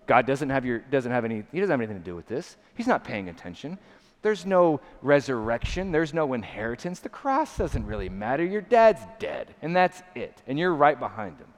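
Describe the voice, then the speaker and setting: A man preaching a sermon as a pastor, earnest and emphatic, often repeating phrases. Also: mid-range voice. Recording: long hall reverb.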